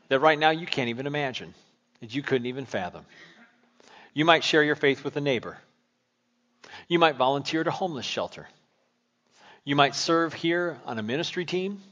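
A man's voice: a little high, a bit bright. Earnest male preacher asking questions. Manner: earnest, asks searching questions. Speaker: pastor. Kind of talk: sermon.

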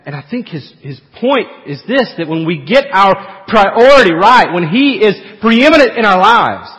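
A man preaching a sermon as pastor, swinging from emphatic, forceful peaks to quiet, low asides. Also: big-room sound, poor audio.

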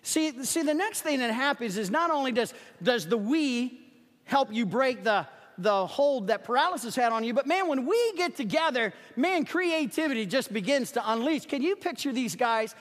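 Man, pastor, sermon, very high voice, animated storytelling, long church reverb. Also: moderate pace. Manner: animated storytelling that acts out the characters. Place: church sanctuary.

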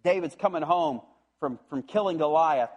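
A man preaching a sermon, retelling a scripture story in an animated way and acting out the voices of its characters. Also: fairly high pitch, moderate pace, breathy edge, lo-fi sound. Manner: animated storytelling, acts out voices, frequent restarts. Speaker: pastor.

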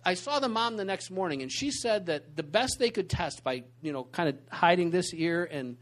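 A man with a notably high voice preaches to a church group in a relaxed, chatty way. He tells his stories with lots of asides and restarts, keeping the feel of an informal teaching session. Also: normal speed. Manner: conversational, animated storytelling with many asides. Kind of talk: informal sermon with storytelling. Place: church meeting room.

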